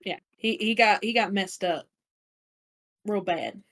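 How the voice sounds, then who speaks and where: A woman's voice: mid-range voice, slow pace, fairly bright tone. A woman narrating as game master of a tabletop game, calling rolls and describing the enemies' turns.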